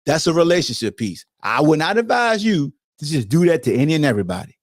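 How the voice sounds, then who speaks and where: A middle-aged man tells stories on his podcast in a loud, profane, emphatic way. His voice sits a little high for a man and swings widely up and down as he gets worked up. The sound is close and dry, with no room echo. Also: quick pace. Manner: animated, profane, emphatic storytelling. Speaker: podcast host, former football player. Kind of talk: casual monologue to a co-host.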